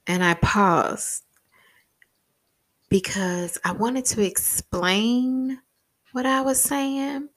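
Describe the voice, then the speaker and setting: A woman's voice: on the high side, fairly even intonation, very slow, pauses often, fairly bright tone. A woman talking frankly in a rambling personal vlog about parenting and communication, swearing casually. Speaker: parent vlogger.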